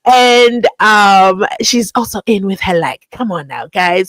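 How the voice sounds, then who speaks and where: A young South African woman hosting a live entertainment commentary stream, expressive and chatty, with sudden exclamations as she reads through viewer comments. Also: medium pitch, slow pace, few pauses, no room sound.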